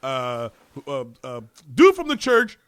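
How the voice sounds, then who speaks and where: A man's voice: medium pitch, slow, smooth. A man co-hosting a casual podcast chat, emphatic and swearing, often acting out what others say. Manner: lively, emphatic, swears, acts out quotes. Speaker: podcast co-host.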